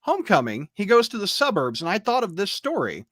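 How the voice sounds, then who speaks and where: Male podcast host, casual and halting, lively pitch, dry close mic. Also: no room sound. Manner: hesitant, many fillers and restarts when asking. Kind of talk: casual interview chat.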